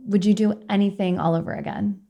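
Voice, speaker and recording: A woman hosting a podcast interview, affirming her guest warmly in casual conversation. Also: medium pitch, very animated, a little fast, gravelly, lo-fi sound. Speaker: podcast host.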